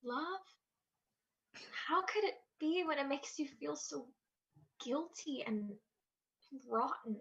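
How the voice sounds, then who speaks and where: A woman's voice: high voice, lively intonation, slow pace, creaky, pauses often, fairly bright tone, highs cut off, heavily acted. A young woman playing a torn female university student who pleads hesitantly with her boyfriend in a radio drama. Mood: distressed. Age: young adult. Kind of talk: amateur radio drama acting.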